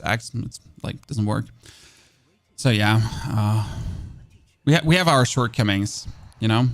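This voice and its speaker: German male streamer, chatty and self-mocking, mid-pitched voice, dry close sound, lots of uh and restarts. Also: creaky, dry recording. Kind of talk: casual gameplay commentary with chat.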